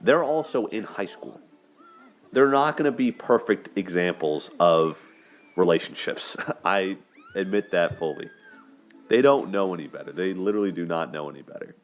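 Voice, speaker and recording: A young man with a deep, low-pitched voice hosts a solo commentary video. He talks earnestly and conversationally, often restarting and repeating words as he gathers his thoughts. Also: animated, moderate pace, faint music behind. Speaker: host discussing relationships.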